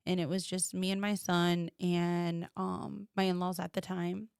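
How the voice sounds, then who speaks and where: A woman from the United States telling a personal story as a podcast guest, animated and quoting others in lively voices. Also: on the low side, measured pace, gravelly, clear, resonant tone, dry recording, studio quality.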